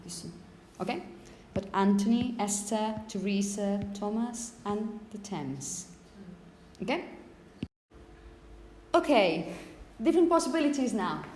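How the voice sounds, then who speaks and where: In a reverberant classroom with faint hiss, a woman gives a phonetics lecture in a medium-pitched, expressive voice with a darkish tone. She explains slowly, repeating herself a lot and checking with "okay?"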